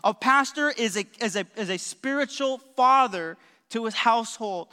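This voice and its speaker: High-voiced, fiery man preaching. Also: normal speed, sharp tone. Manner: emphatic preaching with frequent "all right?" and call-and-response. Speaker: pastor. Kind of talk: sermon. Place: large church hall. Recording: reverberant church hall.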